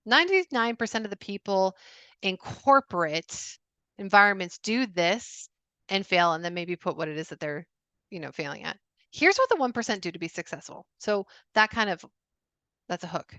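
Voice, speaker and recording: A woman's voice: medium pitch, big pitch swings, normal speed, sharp tone, dry recording. A woman giving an upbeat sales training webinar, emphatic and repeating key phrases. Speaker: business coach.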